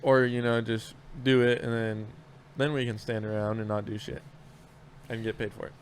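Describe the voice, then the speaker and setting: A man's voice: lowish voice, flat delivery, normal speed, a little hiss or hum. A man in casual podcast chat, telling work stories in a rambling, profane way with lots of restarts.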